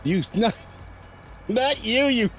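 Male co-host, slow drawl with huge pitch swings, teasing and laughing, clear music underneath. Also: animated. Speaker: gaming co-host. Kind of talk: casual gameplay chat.

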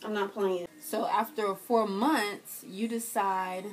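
A young woman vlogging a profane, dramatic comedic rant, swinging between loud outbursts and quiet hurt. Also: medium pitch, steady tone, slow pace, a little hiss or hum.

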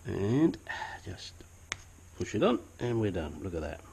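Deep-voiced with big pitch swings and some vocal fry, this man speaks a bit slowly in a mildly mellow tone over a little hiss or hum. He hosts a home mechanic channel, chatting through brakes and control arms with occasional swearing, tangents, and a silly put-on accent.

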